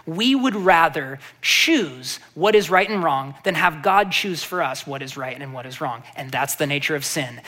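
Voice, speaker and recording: Preaching at a normal speed in a voice on the high side, a male pastor alternates between calm reflection and animated emphasis. Along the way he asks his congregation rhetorical questions.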